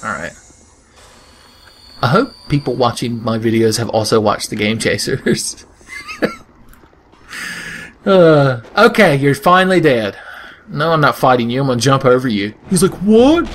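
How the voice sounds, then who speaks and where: A man's voice: mid-range voice, very animated, measured pace, long pauses, fairly bright tone, a little hiss or hum. A young man giving casual, joking gameplay commentary with crude humor, often slipping into silly voices. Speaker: let's play host.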